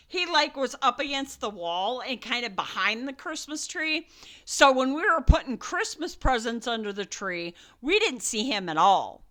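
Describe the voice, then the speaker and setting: An older woman talks in a bright, forceful voice, rambling through a family story with plenty of ums and you-knows. Her tone is smooth and clear, sitting a bit higher than most women's voices. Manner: chatty, rambling, frequent fillers and laughs. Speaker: gaming channel host. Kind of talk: casual storytelling chat.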